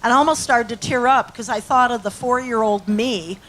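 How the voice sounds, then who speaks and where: A woman's voice: on the high side, moderate pace, fairly bright tone, low-quality recording. A woman in her sixties, an actress and acting teacher, telling rambling anecdotes to an audience. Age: 60s. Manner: chatty, rambling storyteller with fillers.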